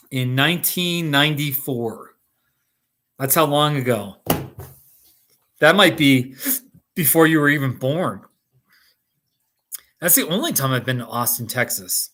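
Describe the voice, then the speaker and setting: A middle-aged American man hosts a relaxed live chat, calling out viewers by name and laughing easily. His voice sits fairly high and very bright. He takes his time, talking at an easy, unhurried pace. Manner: chatty, laughs often, talks to viewers by name. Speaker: livestream host. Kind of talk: casual live chat reading comments. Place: Colorado.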